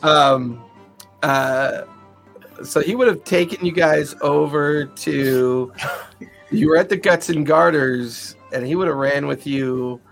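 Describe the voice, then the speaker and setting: Brief: male game master, slow rambling narration, gravelly voice, a bit high. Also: fairly bright tone, faint music behind. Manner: rambling, full of ums and likes.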